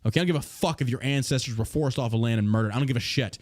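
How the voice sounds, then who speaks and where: A man hosts a casual podcast, reading headlines and breaking off into profane, exasperated rants. His voice sits at an ordinary middle pitch. The recording is close and dry, with no room sound. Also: very fast, dry recording. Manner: outraged, profane ranting while reading news aloud. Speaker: podcast host.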